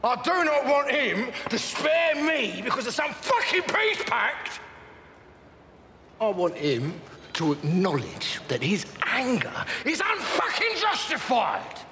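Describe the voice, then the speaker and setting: A rambling gangster. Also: male voice, extremely high pitch, huge pitch swings, takes it slowly, long reverb tail, slight background noise, heavily acted. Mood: menacing rant. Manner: rambling, swearing, swings from mutter to shout. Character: volatile London gangster, middle-aged man, rambling and menacing. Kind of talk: television crime drama.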